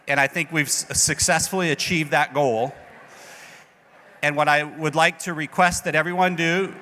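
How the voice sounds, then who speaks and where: A man's voice: on the high side, pushed and bright. A man acting as emcee at a conference, directing a large live audience and rallying a noisy crowd. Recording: long hall reverb.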